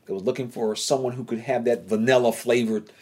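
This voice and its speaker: Southern man, casual storyteller, animated, repeats himself, mid-pitched. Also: brisk. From North Carolina. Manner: animated, repeats phrases, voice jumps up when excited.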